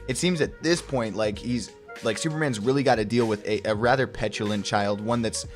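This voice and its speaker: A young man with a fairly low voice casually reviews a comic book, rambling and swearing, and often slips into quick put-on voices for the characters. Soft music plays in the background.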